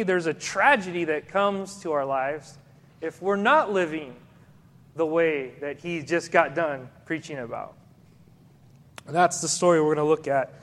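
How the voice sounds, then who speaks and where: A pastor with a high voice preaches a sermon in a reverberant hall. His style is conversational, and he poses questions to the congregation.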